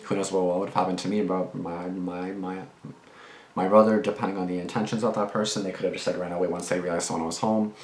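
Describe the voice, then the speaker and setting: A young reaction channel host rambles casually through reaction commentary and a personal story, full of fillers, restarts and swearing. His low voice is level, fast and a little mellow. The room is echoey with faint background noise.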